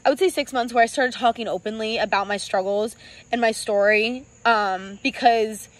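A woman's voice: fairly high pitch, poor audio. Earnest young woman near tears. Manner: earnest, halting, close to tears; frequent ums and restarts. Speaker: clothing brand founder. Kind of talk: personal storytelling vlog.

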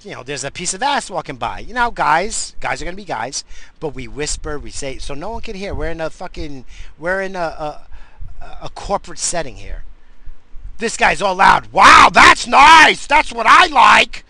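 Profane, ranting man with a bright voice. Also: fairly high pitch, big pitch swings, normal speed, low-quality recording. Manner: angry, profane and exasperated. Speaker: podcast host.

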